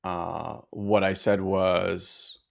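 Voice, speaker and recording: A man's voice: deep voice, flat delivery, extremely slow, creaky. A man co-hosting a podcast, telling a personal story as a father in an earnest, reflective way, full of filler words. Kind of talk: casual conversational storytelling.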